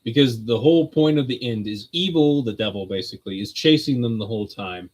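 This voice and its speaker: A male stream host at a medium pitch, talking in a loose, rambling way. He laughs often and keeps the tone chatty. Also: fairly quick, a little mellow, low-quality recording. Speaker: host of a streamed religious talk. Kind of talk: casual chat.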